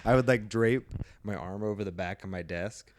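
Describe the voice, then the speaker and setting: A man's voice: on the low side, normal speed, a little hiss or hum. A man co-hosting a comedy podcast, riffing jokes off his friend's story in casual chat. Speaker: podcast co-host.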